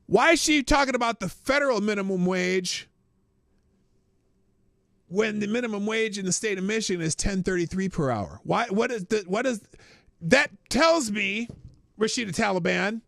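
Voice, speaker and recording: Man, show host, sarcastic animated rant, high gravelly voice, dry close sound. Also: normal speed, no echo. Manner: sarcastic, laughing, animated rants with restarts. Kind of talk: casual political commentary show.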